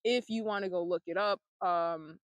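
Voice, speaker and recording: A woman's voice: fairly low pitch, normal speed, dry recording. A young woman vlogging, telling her own life story in a candid, blunt way, with free swearing and sarcastic asides.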